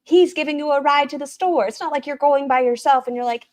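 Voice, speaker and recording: A woman's voice: high voice, fairly quick, darkish tone. A woman hosting a stream, giving snarky, mocking commentary on a video. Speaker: stream host reacting to a video. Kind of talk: casual commentary.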